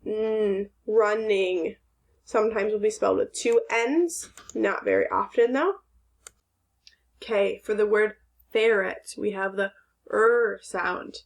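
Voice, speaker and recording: A woman teaching a phonics and punctuation lesson to young children, speaking slowly and clearly, asking questions and praising answers. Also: medium pitch, steady tone.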